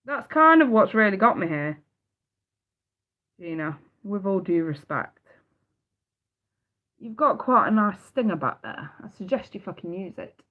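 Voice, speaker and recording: A woman's voice: medium pitch, big pitch swings, measured pace, long pauses. A woman giving a live tarot reading, blunt and emphatic, swearing freely and repeating her points. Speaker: tarot reader. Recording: dull lo-fi sound.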